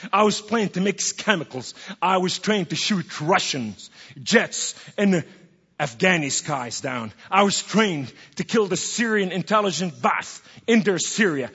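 A middle-aged man preaches a theatrical testimony with a gravelly, husky voice. His pitch leaps and drops widely as he swings from hushed tones to loud outbursts. The recording is dull and lo-fi, with a long echo from a large hall. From Middle East. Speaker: guest speaker giving testimony.

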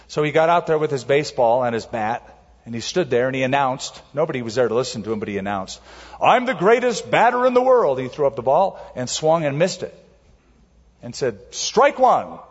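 A man's voice: mid-range voice, brisk. A man preaching a sermon, telling stories animatedly and acting out quotes in a raised voice. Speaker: pastor. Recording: muffled sound in a large reverberant hall.

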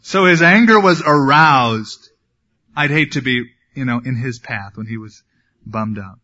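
A man's voice: medium pitch, a little slow, bright, forceful tone, highs cut off. A man preaching a sermon, reading scripture and adding wry, conversational asides. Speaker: pastor.

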